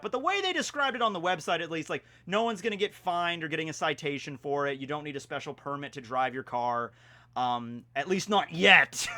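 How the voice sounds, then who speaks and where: A man's voice: on the high side, big pitch swings, fast talker, bright, forceful tone. A young man from Pennsylvania chatting casually and rambling through a geography quiz, making jokey, self-deprecating asides. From Pennsylvania, USA. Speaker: vlogger. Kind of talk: casual commentary while playing a geography quiz.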